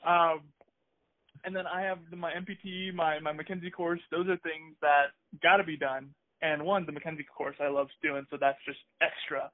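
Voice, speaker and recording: A man's voice: a little high, little pitch movement, moderate pace, no echo. A man co-hosting a podcast, chatting in a hesitant, upbeat way full of restarts. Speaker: podcast co-host. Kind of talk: casual conversational chat. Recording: tinny phone-like sound, dry.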